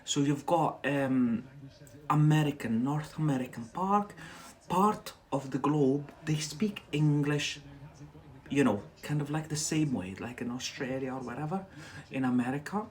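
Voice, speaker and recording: A man with a Scottish accent teaching English on a livestream, chatty and repeating words slowly for learners. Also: on the high side. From Scotland.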